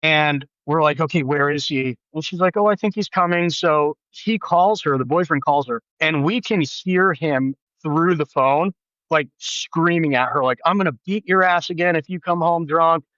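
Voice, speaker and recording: A man in his thirties talks in a fairly high voice, spinning a story in loose, casual chat. His voice leaps up when he acts out what others said. It comes through a remote mic, a little dull and dry. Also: normal speed, dry recording. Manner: animated, acts out quoted voices with big pitch jumps. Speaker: podcast guest.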